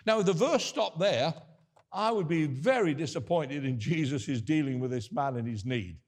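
A man's voice: on the high side, lively intonation, moderate pace. An older man preaching a sermon, earnest and conversational, often restarting his sentences.

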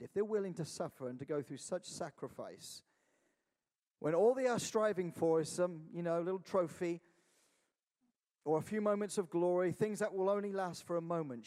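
A man's voice: on the high side, darkish tone. A man preaching a sermon, urging his listeners on with repeated calls of "Amen?". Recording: long hall reverb.

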